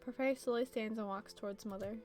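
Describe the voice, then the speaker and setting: A woman streamer reading a visual novel aloud in first person, with steady storytelling narration and small slips. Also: a little high, fairly quick, faint music behind. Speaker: let's play streamer.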